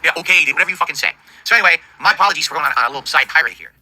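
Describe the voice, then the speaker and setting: A middle-aged man livestreaming, ranting in an indignant, profane, rapid-fire way about his audience and the games industry. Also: fairly high pitch, bright, forceful tone, husky, rough recording. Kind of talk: angry stream rant.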